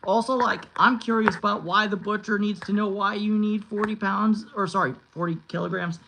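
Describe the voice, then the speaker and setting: A man's voice: high voice, fairly even intonation, brisk, creaky, noisy background. A man chatting casually on a livestream from his home, rambling playfully with many restarts. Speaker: streamer. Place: home with cats.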